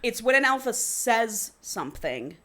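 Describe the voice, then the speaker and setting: A woman's voice: a little high, measured pace. A woman co-hosting a podcast, frankly and chattily retelling a romance novel and reading from it. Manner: chatty, frank, animated storyteller. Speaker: podcast co-host. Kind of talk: casual chat and reading aloud.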